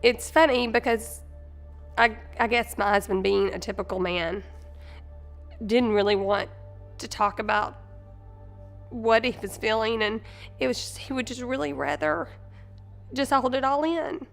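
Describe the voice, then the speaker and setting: A woman speaks candidly as a wife about her own marriage, her voice high with a gravelly fry at its edges. She sometimes stops to search for the right words. Faint music runs behind her. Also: measured pace, pauses often. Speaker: wife sharing her experience. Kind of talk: personal testimony.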